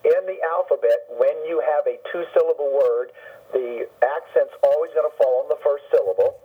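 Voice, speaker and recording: A man on a radio phone-in patiently explaining the Hebrew alphabet, slowly repeating and spelling out each letter. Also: a little high, slightly rough. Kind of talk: patient spoken lesson on a radio call. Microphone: telephone. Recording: dull lo-fi phone line with faint music.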